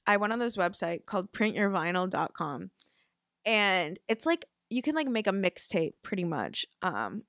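A woman's voice: medium pitch, a bit bright, dry recording, clean studio sound. A young woman hosting a podcast, chatting casually with lots of fillers and casual swearing. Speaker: podcast host. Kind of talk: casual chat.

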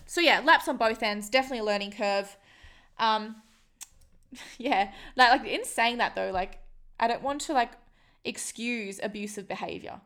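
A woman's voice: on the high side, normal speed, fairly bright tone. A young woman, frankly telling a personal story in casual vlog talk, swearing freely and filling with "like" and "um". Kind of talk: candid personal storytelling to camera.

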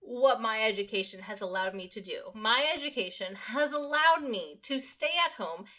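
A young woman with a bright, fairly high voice chats on her podcast. She tells a story with energy and acts out the quoted lines of other people. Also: expressive, normal speed. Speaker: podcast host. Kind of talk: casual chat.

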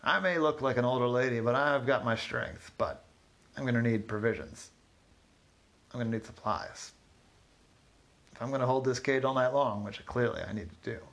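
A man's voice: medium pitch, moderate pace, gravelly, pauses often, a bit bright. A man voicing a bold, tough old witch woman, with a raised, spirited voice. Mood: friendly.

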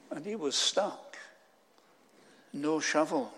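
A man preaching a sermon, telling a story with slow, solemn pauses. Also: a little high, in a large hall.

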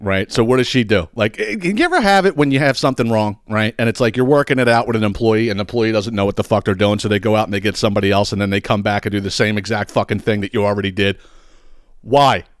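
A man's voice: lowish voice, fast talker, no echo, studio quality. Exasperated man ranting a story. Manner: profane, exasperated, animated. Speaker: podcast host.

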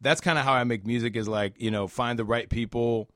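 A man being interviewed on the radio as a musician and festival organizer, talking in a relaxed, rambling way with fillers. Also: mid-range voice, brisk, dry recording, clean studio sound.

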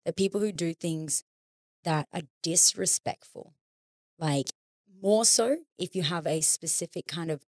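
A woman's voice: on the low side, no room sound, studio quality. A woman in her thirties, a podcast guest, talking candidly in casual conversation, swearing freely and acting out the voices in her head.

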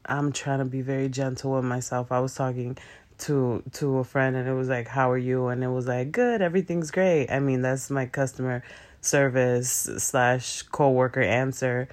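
A young man speaking in a loose, rambling way, packed with slang and fillers and the odd curse. He talks straight to his viewers about feelings and spiritual strength, in an easy, conversational flow at an ordinary middle pitch. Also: monotone, normal speed. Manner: speaks in slang with dropped verbs. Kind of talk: casual spiritual self-help talk to viewers.

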